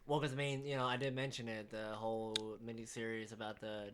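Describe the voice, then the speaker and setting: A man's voice: mid-range voice, flat delivery, fairly quick, background noise. A man co-hosting a podcast in casual chat, rambling through stories and swearing freely. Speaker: podcast co-host.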